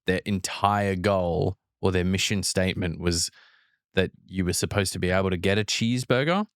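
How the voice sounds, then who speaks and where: A man with a very low voice co-hosts a casual podcast, trading quick reactions and then laying out his explanations. He's recorded dry and close to the mic, with no room around him. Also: clear, resonant tone, no room sound. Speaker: podcast co-host. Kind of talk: casual chat.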